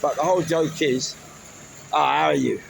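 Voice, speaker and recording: A man's voice: on the high side, fairly even intonation, moderate pace, creaky. A man with a London accent, chatting casually and rambling through stories, laughing at his own jokes. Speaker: storyteller recounting his life. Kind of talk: casual storytelling. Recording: noisy background with traffic.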